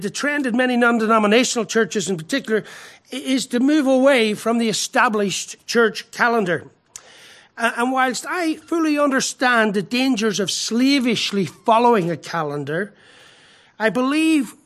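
A middle-aged pastor delivers a sermon in a notably high voice. He is emphatic, leans hard on key phrases, and often stumbles into quick restarts. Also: fairly bright tone. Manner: emphatic, with frequent stammered restarts.

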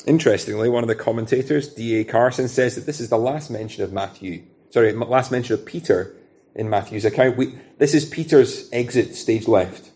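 A man's voice: fairly low pitch, a little mellow. A man with a Scottish accent preaching an expository sermon in a conversational way, often asking rhetorical questions.

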